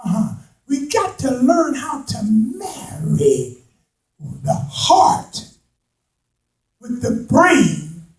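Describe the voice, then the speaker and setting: A man preaching a sermon to a responding congregation, building from slow talk into impassioned shouts with folksy turns of phrase. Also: extremely high pitch, huge pitch swings. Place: church sanctuary. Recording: echoey hall, voice from a distance.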